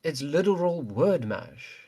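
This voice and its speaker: A man's voice: on the high side, big pitch swings, slow, warm tone, breathy edge. A man co-hosting a casual podcast, sarcastic and swearing. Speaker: podcast co-host. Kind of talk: casual chat.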